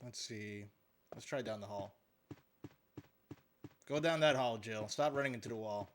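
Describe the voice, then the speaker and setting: A man's voice: on the low side, unhurried, slight background noise. A man giving live gameplay commentary as a streamer, joking and chatting with his viewers while he plays.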